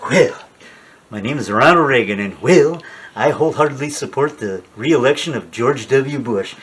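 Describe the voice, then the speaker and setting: A man putting on the voice of an elderly male president, delivering a folksy, measured endorsement. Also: mid-range voice, expressive, fairly bright tone, husky. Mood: genial.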